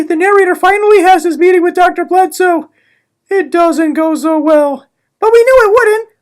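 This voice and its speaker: A woman with a very high voice summarizes a novel chapter in a casual, joking way. She tosses in sarcastic asides and acts out bits of the story. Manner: sarcastic, playful, quick asides. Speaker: literature explainer.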